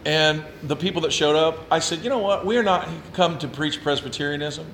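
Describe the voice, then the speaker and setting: A man's voice: on the high side, brisk, a little hiss or hum. Storytelling pastor, man, echoey room. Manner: lively, acts out his own quotes with humor. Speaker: Presbyterian pastor. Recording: echoey room with faint ambience.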